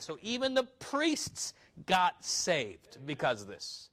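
A male pastor preaches in a loose, conversational way, reading scripture aloud and asking his congregation rhetorical questions. His voice sits a little higher than most men's. He talks the text through like a teacher rather than thundering. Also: huge pitch swings, takes it slowly, fairly bright tone. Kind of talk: sermon.

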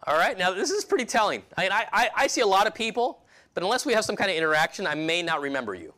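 A man's voice: high voice, big pitch swings, quick pace, sharp tone. A man preaching a sermon in a casual, conversational way, often restarting his phrases and acting out quotes from the passage. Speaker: pastor.

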